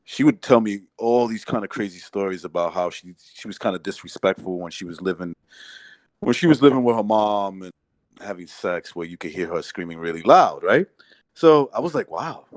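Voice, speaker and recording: A man co-hosts a podcast and tells stories casually, laughing as he goes. He talks in a relaxed, chatty way. The recording is dry and close to the mic. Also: sits low, moderate pace, no echo. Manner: laughing anecdotes with loud mimicry. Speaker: podcast co-host. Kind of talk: casual storytelling chat.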